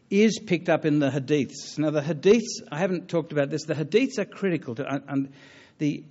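A man giving a public talk on religion and taking audience questions, earnest and halting, with many fillers and restarts. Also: fairly high pitch, darkish tone, lo-fi sound. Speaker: lecturer on religion.

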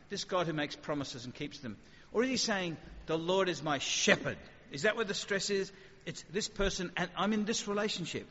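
A man with a fairly high voice preaches in a chatty, lively way and keeps asking rhetorical questions. His words ring out with a long hall reverb, and the sound is a little dull and muffled. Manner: conversational, animated, rhetorical questions. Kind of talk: sermon.

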